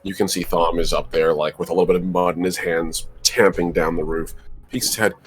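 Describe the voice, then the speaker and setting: A man's voice: low voice, fairly even intonation, a little fast, fairly bright tone, a little hiss or hum. A man acting as game master and narrating a tabletop game in a rambling, descriptive way, with many filler words.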